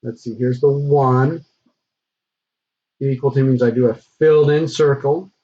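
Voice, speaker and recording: A man teaching a recorded math lesson, talking through the steps in a relaxed, conversational way with frequent fillers. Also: medium pitch, unhurried, breathy edge. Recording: dull lo-fi recording.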